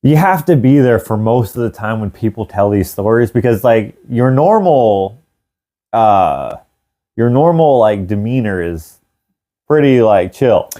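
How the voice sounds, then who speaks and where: A man's voice: on the low side, animated, measured pace, mellow. A young man co-hosting a casual chat show, teasing his brother and laughing as he mimics him. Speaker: co-host.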